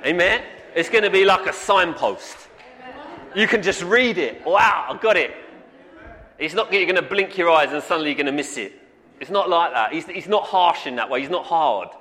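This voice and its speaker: Man, sermon, earnest and repetitive, slightly raised pitch, long church-hall reverb. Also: animated, fairly quick, bright, forceful tone. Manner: earnest, repetitive, calls out "amen". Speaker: pastor.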